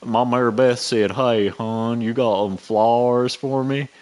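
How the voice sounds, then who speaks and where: A man voicing a rambling old male mountain local in a slow, folksy drawl that is louder than his own voice. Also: mid-range voice, fairly even intonation, natural voice.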